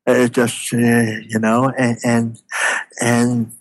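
A man in an interview telling a personal story with emotion, halting and often repeating his words, near tears. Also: medium pitch, monotone, rough recording. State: tearful.

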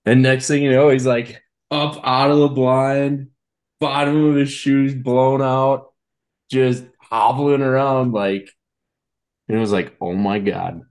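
A man's voice: mid-range voice, little pitch movement, slow pace, a little mellow, smooth. A man vividly retelling a hunting story in casual chat with friends. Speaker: hunting buddy.

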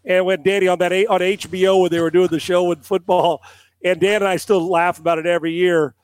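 A man's voice: sits high, little pitch movement, a little fast, smooth. A middle-aged man, a former quarterback and analyst, telling a long story on a podcast, acting out quotes and swearing casually.

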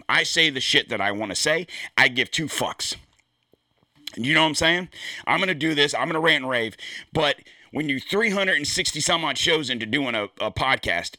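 A middle-aged man hosting his podcast, hoarse from anger, ranting furiously with constant swearing. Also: medium pitch, sharp tone, no echo. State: hoarse, lost voice. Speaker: podcast host. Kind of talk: angry ranting monologue.

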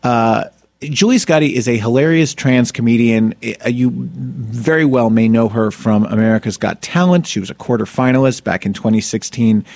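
A man's voice: mid-range voice, moderate pace, a little mellow. A man hosting a comedy podcast, brash and campy, joking his way through the show's plugs and introductions. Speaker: podcast host.

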